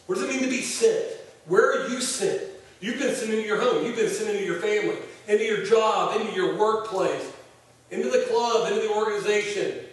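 A man preaching a conversational sermon as pastor, acting out quoted voices, recorded from far off in a large room. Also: high voice. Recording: echoey hall, voice from far off.

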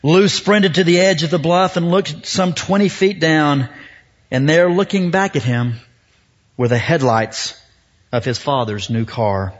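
A man preaching a sermon, telling a story slowly with dramatic pauses before turning to scripture. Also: fairly high pitch. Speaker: pastor. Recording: dull lo-fi recording.

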